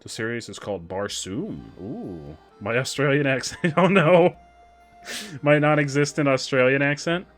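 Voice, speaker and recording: A man streaming a game, chatting casually with viewers, excitable and quick with asides. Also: medium pitch, soft background music. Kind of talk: casual gameplay chat with viewers.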